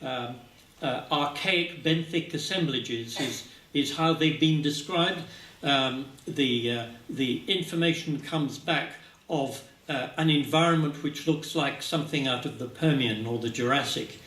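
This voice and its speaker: A man giving a scientific talk at a symposium, speaking haltingly with many filler sounds, recorded from a distance in a lecture hall. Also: mid-range voice, fairly bright tone. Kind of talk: conference presentation. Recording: echoey hall, speaker far from mic.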